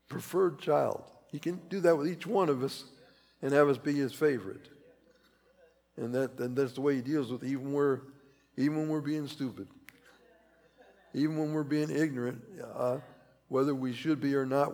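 A man's voice: medium pitch, a little mellow. A man preaching a conversational sermon, rambling and repeating himself, pressing key phrases with rising emphasis. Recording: reverberant hall.

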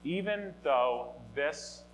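A man teaching a Bible lesson in a conversational, animated way, often restarting and correcting himself. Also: on the high side, drawn-out words, slight background noise, rough recording. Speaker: teacher of a Bible study or sermon. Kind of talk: informal teaching talk.

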